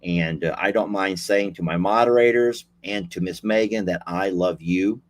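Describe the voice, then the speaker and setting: A man's voice: sits low, normal speed. A man hosting a casual video, chatting playfully and repeating himself as he signs off. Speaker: host.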